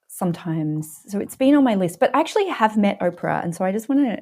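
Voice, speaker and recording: A woman's voice: mid-range voice, quick pace, few pauses. A woman in her thirties with an Australian accent, a podcast guest telling a story and acting out the people she quotes. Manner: animated, acts out quotes. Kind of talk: casual storytelling.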